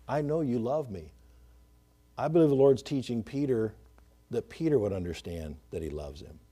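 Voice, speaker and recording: Prédicateur passionné, voix douce et sombre. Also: male voice, on the high side. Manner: swings from loud emphatic preaching to hushed intimate asides; reads scripture in old-fashioned wording, acts out the speakers. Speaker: preacher. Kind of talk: sermon.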